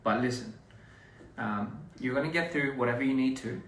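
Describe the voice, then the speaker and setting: A man on a casual livestream, speaking slowly and encouragingly to fans, with pauses and fillers. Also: medium pitch, fairly bright tone, reverberant, distant mic, slight background noise, rough recording. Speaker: livestream host answering fans.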